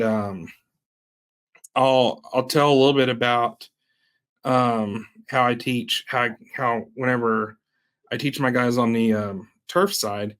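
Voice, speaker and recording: A man being interviewed as a guest, speaking haltingly and often pausing with fillers. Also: mid-range voice, fairly bright tone. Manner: hesitant, many fillers and restarts. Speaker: guest entrepreneur. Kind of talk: conversational interview.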